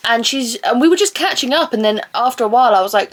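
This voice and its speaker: A young woman vlogging casually in an excitable, gushing way, swearing freely as she chats. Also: a little high, fast, few pauses. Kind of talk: casual chatty vlog.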